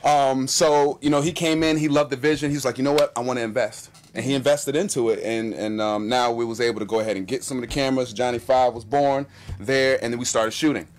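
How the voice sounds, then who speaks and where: A man telling a personal story in casual chat, animated and acting out what people said. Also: medium pitch. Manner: animated, fast-talking storyteller acting out quotes.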